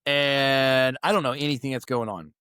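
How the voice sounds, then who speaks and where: A man's voice: medium pitch, fairly even intonation, moderate pace, bright, forceful tone, clean tone, no room sound. A middle-aged man, a veteran who is the guest on a podcast, telling a story in casual chat, swearing freely and acting out the voices of people he quotes.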